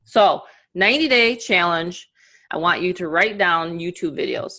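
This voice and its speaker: Energetic New York woman coaching online. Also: on the low side. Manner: energetic and upbeat, talks in quick bursts. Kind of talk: live webinar presentation.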